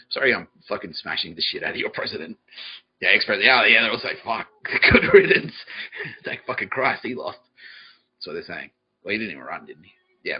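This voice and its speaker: A man's voice: low voice, husky, lo-fi sound. A man hosting a comedy podcast, swearing often and laughing as he jokes with the live audience. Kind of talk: improvised comedy monologue, relaying a psychic's words.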